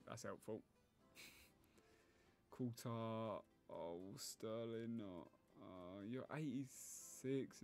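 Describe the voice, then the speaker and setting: A man's voice: mid-range voice, a bit bright. A man giving live gameplay commentary as a gaming YouTuber. He thinks aloud, groans and pleads at the game.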